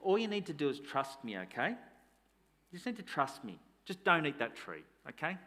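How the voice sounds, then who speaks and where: A man voicing God as a patient creator who coaxes people to trust him, repeating himself gently. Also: fairly high pitch, very animated, normal speed. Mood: coaxing.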